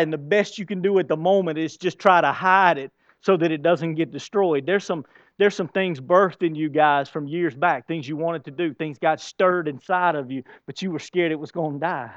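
A man preaching a sermon, telling the story in a conversational way and swinging between hushed and loud, emphatic passages. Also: on the high side, moderate pace, no echo, highs cut off. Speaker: pastor. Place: church.

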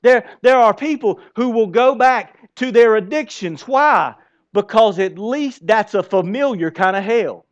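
A man in his forties preaching a sermon in a conversational way, asking the congregation questions and swinging between loud emphasis and hushed asides. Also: high-pitched, expressive, a little slow, highs cut off. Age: 40s. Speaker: pastor.

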